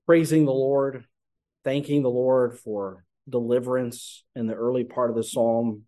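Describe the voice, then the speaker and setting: A man's voice: mid-range voice, dark tone. A man preaching a sermon, explaining scripture earnestly and posing rhetorical questions to his congregation. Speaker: pastor.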